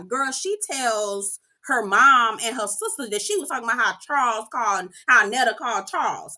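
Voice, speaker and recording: A woman with a bright, fairly high voice hosts her reality TV recap vlog. She is sassy and animated and asks her viewers what they think. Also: normal speed, few pauses. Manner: sassy and animated, keeps calling the viewer "girl". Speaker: host of a reality TV review channel.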